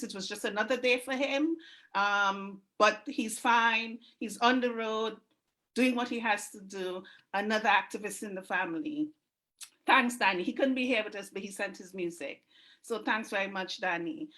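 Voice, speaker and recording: A woman's voice: a little high, moderate pace, a bit bright. Chatty woman hosting an online event. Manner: chatty, making announcements. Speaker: host of an online community event.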